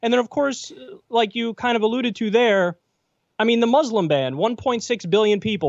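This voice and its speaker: A man's voice: very high-pitched, normal speed, no room sound. A man giving blunt, argumentative political commentary as a guest. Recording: dull dry remote line.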